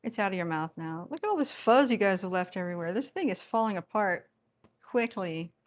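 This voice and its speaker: Animated and a little quick, a woman with a medium-pitched voice plays with her rescue cats indoors while a tripod camera records. As a cat rescue vlogger, she keeps up casual, teasing talk with them and laughs frequently.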